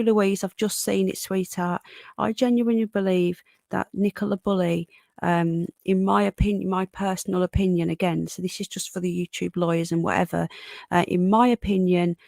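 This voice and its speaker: A woman from Birmingham with a slight Yorkshire twang, hosting a casual livestream and greeting viewers warmly as darling and hon. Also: mid-range voice, vocal fry, dry recording, clean studio sound. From Sutton Coldfield, Birmingham, England. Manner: chatty, calls viewers darling and hon, frequent restarts. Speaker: livestream host. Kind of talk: casual live-stream chat reading out comments. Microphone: desk microphone with gain turned up.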